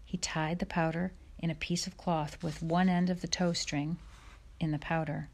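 A woman reads a chapter book aloud in a measured, soft storytelling voice. Her pitch sits a little low for a woman. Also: flat delivery. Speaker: audiobook narrator. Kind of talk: audiobook reading.

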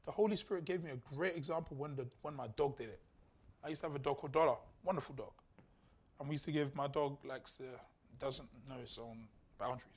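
A man's voice: medium pitch, fast, a little mellow, husky. A male pastor preaching a sermon in a conversational, humorous way, repeating key lines for emphasis.

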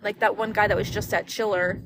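A young woman co-hosting a podcast in casual chat, talking fast with lots of likes and swearing, with hiccups. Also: mid-range voice, flat delivery, noisy background. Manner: chatty, swears freely, many likes and restarts. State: has the hiccups. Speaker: podcast co-host.

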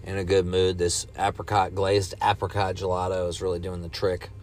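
A man rambling casually while high, laid-back and profane, coughing now and then and breaking into ranting bursts. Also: flat delivery, normal speed. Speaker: cannabis vlogger. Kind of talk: casual stoned rambling monologue.

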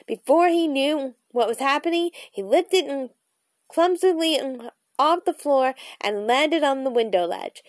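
A woman reading a children's chapter book aloud in a bubbly, expressive way. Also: high voice, no room sound. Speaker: storybook reader vlogger.

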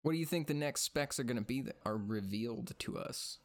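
Man, mid-range voice, relaxed podcast host running a quiz with a friend. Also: mid-range voice, fairly quick. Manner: playful quizmaster, laughs often. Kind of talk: casual gaming chat.

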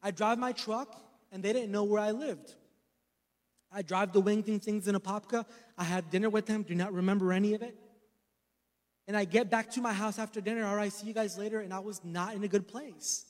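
A man in his thirties preaches to a church, telling his own story before pushing into emphatic exhortation. His voice sits very high for a man. It rings out with a long reverb from the hall. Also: steady tone, brisk. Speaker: pastor. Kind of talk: sermon with personal testimony.

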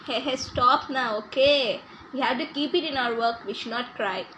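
A woman voicing a kindly old grandmother who lectures slowly and repeats her advice. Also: sits high, background noise, natural voice. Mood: earnest advice. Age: older.

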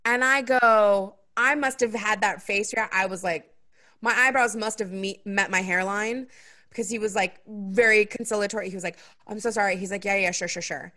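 A young adult woman hosting a podcast, telling a story in a casual chat and acting out other people's lines with big jumps in pitch. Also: steady tone, moderate pace, pushed and bright.

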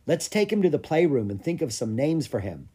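An earnest young boy from a storybook, gentle and excited, his husky voice rising and falling a lot, as a man reads him. He sounds only lightly lifted from an ordinary speaking voice. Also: a little high, brisk, voice pushed up.

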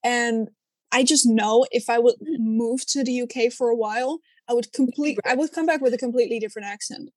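Her voice sits a touch high and sounds dry and close, with no room around it. A young Dutch woman with a Dutch accent chats animatedly as co-host, her throat slightly sore, her talk full of fillers. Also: fairly quick, no room sound. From Netherlands. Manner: animated, chatty, many fillers. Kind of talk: casual chat.

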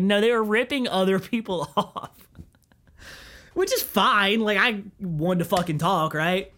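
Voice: mid-range voice, animated, takes it slowly, pauses often, a bit bright. A podcast host in casual chat, rambling, swearing freely and laughing often.

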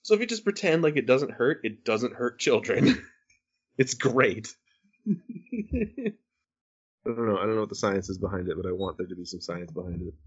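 Thirtysomething guy rambling and joking on a call, kinda low voice, dull lo-fi audio. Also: moderate pace, pauses often, breathy edge. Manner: joking, rambling, self-deprecating. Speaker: podcast host. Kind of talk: casual chat on a call. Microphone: phone call.

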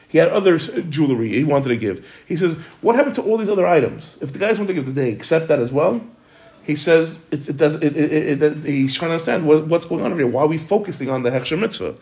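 A man giving an informal Torah class, talking quickly with many restarts and Hebrew and Yiddish terms mixed into his English. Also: on the high side. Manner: rapid, repeats and restarts words, sprinkles Hebrew and Yiddish terms. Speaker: Torah teacher.

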